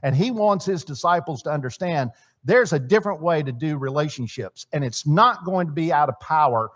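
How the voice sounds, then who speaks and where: A man teaching a church marriage seminar in a sermon style, swinging between loud emphasis and quiet asides and asking his audience questions. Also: on the high side, animated, normal speed. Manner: chatty, asks the audience questions. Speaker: seminar speaker. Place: church hall.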